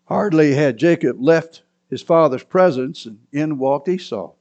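Man, preacher, sermon, dramatic storytelling, fairly high voice. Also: unhurried, hardly any pauses, darkish tone, muffled recording. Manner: dramatic storytelling with sudden raised cries. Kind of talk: sermon retelling a scripture story.

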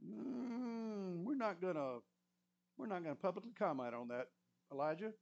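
A man's voice: high-pitched, animated, moderate pace, vocal fry. A man voicing an evasive crowd of villagers who hedge and refuse to commit, on a muffled recording. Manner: hedging, shrugging.

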